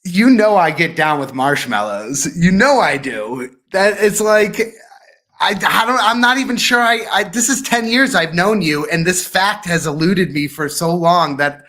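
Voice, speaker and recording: A man's voice: high voice, lively intonation, unhurried, bright, forceful tone. A man co-hosting a podcast, bantering playfully and laughing often. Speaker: podcast co-host. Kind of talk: casual podcast chat.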